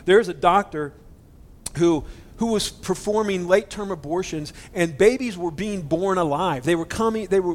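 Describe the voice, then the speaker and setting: A man's voice: sits high, a little hiss or hum. A man preaching a conversational sermon, earnest and indignant, speaking to his listeners directly. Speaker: pastor.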